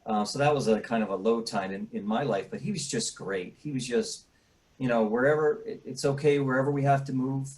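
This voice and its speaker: A middle-aged man, a grieving father, speaking in a halting way with many pauses and restarts, choked up and tearful at times. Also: medium pitch, darkish tone, poor audio. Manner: halting, full of fillers and restarts. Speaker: bereaved father. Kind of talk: emotional personal interview.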